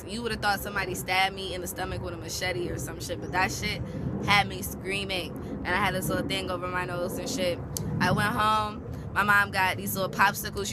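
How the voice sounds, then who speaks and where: A young woman vlogger telling a personal story in a casual, animated, heavily profane and slangy way. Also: medium pitch, background noise.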